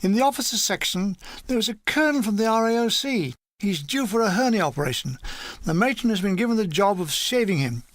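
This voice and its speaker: A man's voice: high voice, lively intonation, brisk, no echo. A man reading a comic wartime memoir aloud, with dry timing and voices for the dialogue. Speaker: audiobook reader.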